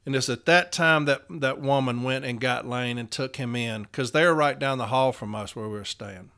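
A man from Nashville, retelling a personal story in an emotional, halting way with repeated words. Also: mid-range voice, sharp tone, smooth. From Nashville, Tennessee.

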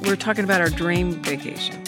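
A woman's voice: on the low side, a little fast, over loud music. A woman hosting a casual podcast chat, upbeat and leading the talk, laughing often. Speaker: podcast host.

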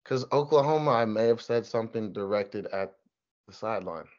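A young man in his twenties, a college football player, telling stories in a relaxed, chatty interview. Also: on the low side, normal speed. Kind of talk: casual interview. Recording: dull lo-fi sound.

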